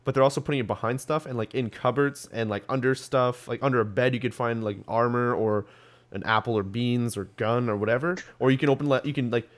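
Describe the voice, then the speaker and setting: A man's voice: mid-range voice, steady tone, quick pace. A young man hosting a podcast, chatting casually about gaming news with lots of ums and restarts. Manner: rambling, full of ums and restarts. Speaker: podcast host.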